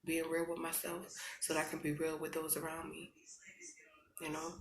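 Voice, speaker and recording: A woman's voice: sits low, monotone, normal speed, creaky, roomy sound, slight background noise, poor audio. A woman vlogger giving casual, earnest motivational talk to her viewers, chatty and faith-driven, full of you-knows and y'alls.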